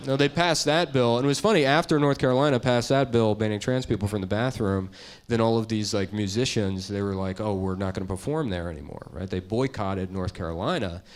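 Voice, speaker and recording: A man doing a stand-up comedy set on stage before a live audience, talking in a crude, deadpan way and slipping into mocking voices. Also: fairly low pitch, fairly quick, hardly any pauses, clean tone.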